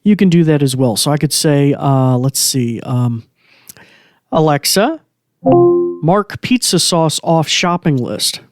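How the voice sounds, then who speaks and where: A man's voice: a little high, lively intonation, slow pace, loud music behind the voice. A man hosting a casual tech tutorial podcast from a small studio, talking loosely with plenty of fillers while demonstrating. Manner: chatty, loose, many fillers. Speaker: podcast host.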